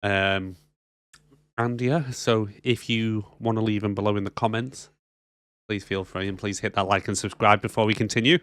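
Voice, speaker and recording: A man's voice: fairly low pitch, fairly even intonation, normal speed, a bit bright, dry recording. A man co-hosting a casual movie podcast, chatty and jokey, laughing often. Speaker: podcast co-host.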